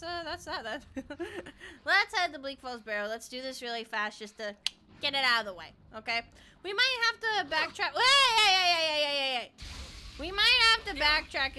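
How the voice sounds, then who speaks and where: Give me a giggly woman streamer with a high, lively voice chatting through a game. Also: a little hiss or hum. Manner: giggly and rambling, breaks into playful chants. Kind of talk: casual gameplay commentary.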